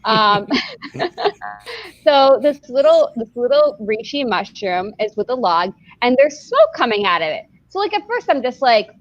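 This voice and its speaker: A woman's voice: on the high side, very animated, measured pace, dry recording, muffled recording, faint music behind. A woman hosting a podcast who tells a story casually, rambling with lots of "like" and laughter. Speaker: podcast host.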